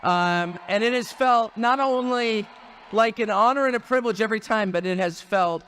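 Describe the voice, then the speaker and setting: A man's voice: high-pitched, moderate pace, a bit bright, a little hiss or hum. A man in his fifties giving a rally speech with wry, joking asides. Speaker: guest speaker at a political rally.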